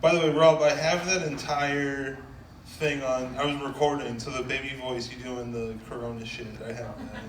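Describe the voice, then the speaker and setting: A man doing a stand-up set in a club, telling crude jokes in a deadpan way. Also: mid-range voice, moderate pace, noisy background. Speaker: stand-up comedian. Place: comedy club. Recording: echoey club from a distance.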